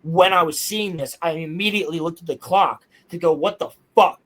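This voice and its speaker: A young man telling a strange personal story in casual podcast chat, excitable, insistent and full of swearing. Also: fairly high pitch, brisk, poor audio.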